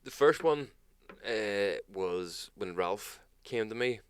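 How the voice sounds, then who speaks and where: Sweary Northern Irish guy, low voice. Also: takes it slowly, smooth. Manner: sweary, animated storyteller. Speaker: podcast co-host. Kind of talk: casual chat.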